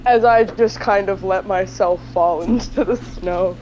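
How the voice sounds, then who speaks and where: A woman playing a tabletop game, calmly describing her character's moves in an unhurried way. Her delivery is relaxed and casual, with a faint hiss of background noise. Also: mid-range voice, highs cut off. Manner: relaxed, describes actions in first person. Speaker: player. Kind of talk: casual in-character play narration.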